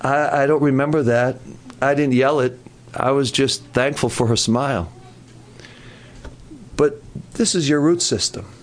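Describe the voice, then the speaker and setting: An older man giving a sermon at a youth camp, animated and joking, with quoted asides. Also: mid-range voice, unhurried, pauses often, slight background noise. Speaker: camp speaker.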